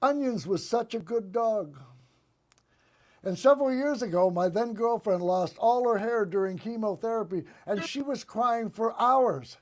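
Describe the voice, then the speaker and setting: Man delivering a deadpan comedy monologue. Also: high voice, unhurried. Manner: deadpan joke delivery with sarcastic asides. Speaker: host. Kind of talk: satirical political comedy monologue.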